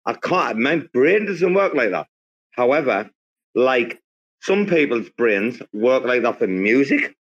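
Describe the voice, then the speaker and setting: A man's voice: mid-range voice, lively intonation, a little slow, lo-fi sound. A man from England hosting a casual group chat, rambling with lots of fillers and restarts. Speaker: host. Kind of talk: casual group chat on a live audio space.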